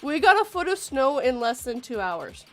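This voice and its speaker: A woman's voice: high voice, big pitch swings, moderate pace, a bit bright, soft background music. A woman hosting a casual livestream chat who has a cold and a cough. She is chatty and laughs easily. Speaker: stream host.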